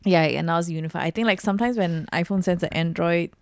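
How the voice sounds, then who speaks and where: A woman's voice: on the low side, fast talker. Giggly woman chatting on a podcast. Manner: chatty, giggly, lots of agreeing. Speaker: podcast co-host. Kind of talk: casual chat.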